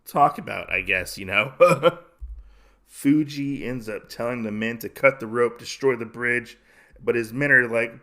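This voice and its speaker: A young adult man chatting through a comic recap, full of "uh" and restarts. His pitch sits in the middle. The delivery is casual. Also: unhurried, vocal fry, bright, forceful tone. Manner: rambling, many fillers. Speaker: podcast host.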